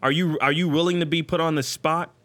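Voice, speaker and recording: A man hosting a casual live stream chat, excitable and jokey, often jumping into goofy high-pitched bits. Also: brisk. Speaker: stream host.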